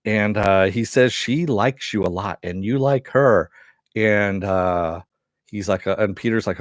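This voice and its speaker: A man's voice: on the low side, measured pace, no room sound. A man hosting a casual TV episode review, rambling through the plot with many fillers, chuckles and casual swearing.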